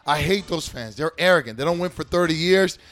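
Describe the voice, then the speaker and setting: A man's voice: a little high, animated, a little fast, fairly bright tone. A man hosting his show, talking in an emphatic, rambling way full of swearing and restarted sentences. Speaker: show host. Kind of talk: profane rambling commentary.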